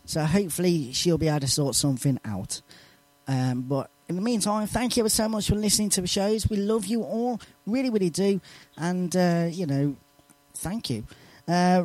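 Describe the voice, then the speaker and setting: A chatty male radio host reads listener shout-outs live on air. His voice sits high and swings widely in pitch. The studio sound is close and dry. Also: no echo. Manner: chatty, animated, laughs between lines. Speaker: radio presenter.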